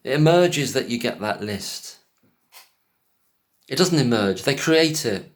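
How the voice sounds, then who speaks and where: A man's voice: medium pitch, lively intonation, slow. A man giving casual, scornful commentary on a podcast clip, cutting in with pointed questions. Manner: scornful, talks over clips with pointed questions.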